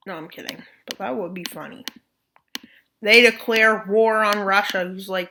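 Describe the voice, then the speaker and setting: A woman's voice: medium pitch, fairly even intonation, moderate pace, bright, forceful tone, a little hiss or hum. A woman narrating a map scenario video, with playful jokes and asides. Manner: joking asides, playful mock voices. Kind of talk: casual commentary over a map scenario.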